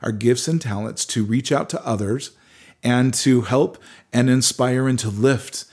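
This middle-aged man's voice sits at medium pitch with a darkish tone, and he takes his time. He's a musician guest in a relaxed interview, telling stories earnestly with frequent restarts.

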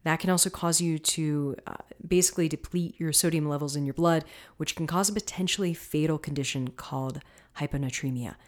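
A woman's voice: deep voice, brisk. A woman hosting a solo podcast as a coach, talking casually with lots of fillers and side remarks. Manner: conversational, frequent fillers and asides.

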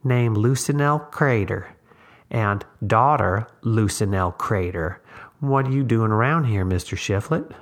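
A man's voice: on the low side, unhurried. A man doing a terse toothless old countrywoman. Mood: agreeable. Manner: terse and flat-spoken.

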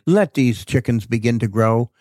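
A man who preaches, telling a story in a casual interview and acting out the dialogue with lively rises in his voice. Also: medium pitch, normal speed, no echo. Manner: animated storyteller, acts out quoted dialogue. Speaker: preacher and author guest.

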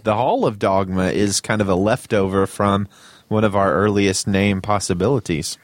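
A man's voice: on the low side, fairly even intonation, normal speed, no room sound. A man co-hosting a casual podcast, teasing his friends with dry quips and making plugs. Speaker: podcast co-host.

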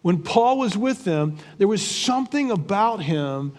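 A man with a high voice teaches from the Bible in a relaxed, conversational way, thinking aloud as he goes. He is earnest, often repeating a word or restarting a phrase. A long hall reverb trails after his words. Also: a little slow. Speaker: preacher.

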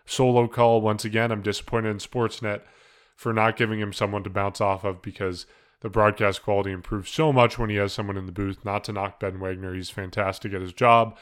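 A man's voice: on the low side, level tone, brisk. A man hosting a casual sports podcast, chatty and laughing often as he runs through the news. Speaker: podcast host.

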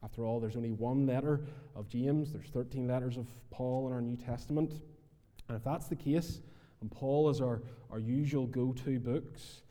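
A Northern Irish man gives a sermon in an easygoing, conversational way, often filling pauses with "uh". His voice is very dark and mellow. A long church-hall reverb trails after each phrase. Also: medium pitch, fairly even intonation. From Northern Ireland. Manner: conversational preaching with frequent "uh" fillers. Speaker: minister.

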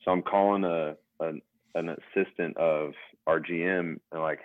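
A young adult man, a former pro basketball player, telling stories as a guest in a relaxed casual podcast interview, over a tinny phone-like line. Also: low voice, normal speed, no room sound. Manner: relaxed storytelling with fillers.

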